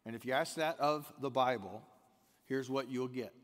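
A man preaching a sermon, asking the room questions and swinging between loud peaks and hushed lines. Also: medium pitch, moderate pace. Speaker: pastor. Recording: long hall reverb.

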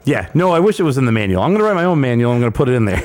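A man's voice: medium pitch, sing-song, rapid-fire, crowd noise. A man hosting a casual podcast chat about a retro video game, joking and teasing his co-host. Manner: joking, teasing, sets up punchlines.

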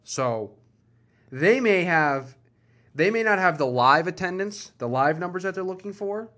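A man's voice: high-pitched, lively intonation, a little slow, pushed and bright. A man hosting a casual chat show, rambling and circling back on his points. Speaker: podcast host.

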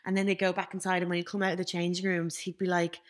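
A young woman co-hosting a podcast, telling a story in casual chat and acting out the voices of the people in it. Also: fast talker. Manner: animated, acts out quoted voices with big pitch jumps. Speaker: podcast co-host.

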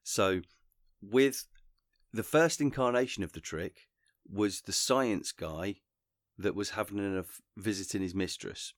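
A man's voice: lowish voice, measured pace, no room sound, clean studio sound. An English man co-hosting a podcast, speaking in casual chat and laying out his point step by step. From England. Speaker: podcast co-host.

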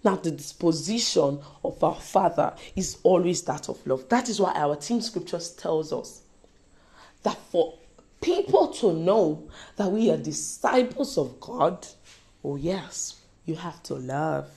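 Woman preacher, slow and gravelly, low-set voice, emphatic and repetitive. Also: expressive. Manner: emphatic, repeats lines, swings between loud and soft. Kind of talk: sermon.

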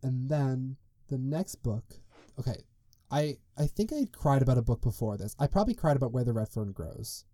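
A man's voice: medium pitch, lively intonation, normal speed, warm tone, dry recording, clean studio sound. A young man hosting a solo podcast, telling stories in a chatty, rambling way full of "like" and side tangents. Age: young adult. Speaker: podcast host. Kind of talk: casual solo podcast storytelling.

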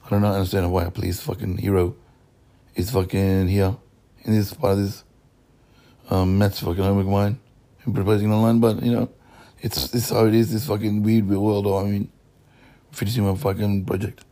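A man in a profane, rambling monologue that jumps between topics and swings between loud outbursts and low mutters. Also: little pitch movement, normal speed.

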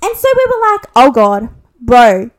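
A young Australian woman with a fairly high voice and measured pace tells a gossip story as a podcast co-host. She's animated, swears constantly, and acts out what everyone said.

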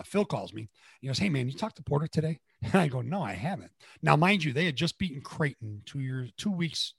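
A middle-aged man, a former basketball coach, telling stories in an animated conversational way, often checking in with "okay" and "right". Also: fairly low pitch, gravelly, slightly rough, dry recording. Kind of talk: conversational storytelling.

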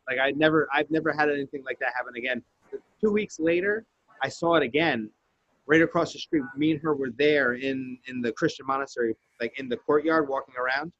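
A man's voice: on the high side, no room sound, lo-fi sound. A man telling a story in casual podcast chat, swearing freely and acting out the lines he quotes. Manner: profane, animated storyteller who acts out quotes.

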